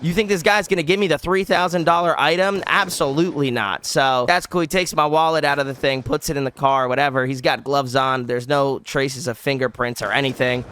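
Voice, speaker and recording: A young man casually telling a story on his vlog, animated and rambling, with many likes and restarts. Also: on the high side, clean tone. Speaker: vlogger.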